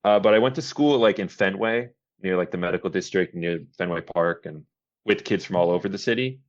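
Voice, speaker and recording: A man with a deep, low voice talks loosely as a podcast guest, swearing casually and laughing easily. The recording sounds a bit dull and lo-fi. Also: fairly quick. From Boston area, USA. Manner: laid-back, swears casually, laughs often. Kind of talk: casual chat.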